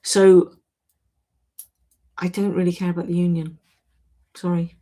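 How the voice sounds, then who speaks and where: A woman's voice: lowish voice, flat delivery, unhurried, mellow. Chatty woman hosting a live chat. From Wales. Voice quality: chatty, self-interrupting, frank. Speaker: livestream host. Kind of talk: casual live chat reading viewer comments.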